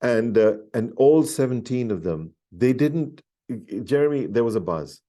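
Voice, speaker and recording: A middle-aged man telling a story as a podcast guest, animated and enthusiastic, often restarting his sentences. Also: medium pitch, measured pace. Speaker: podcast guest, leadership author. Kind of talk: storytelling in an interview.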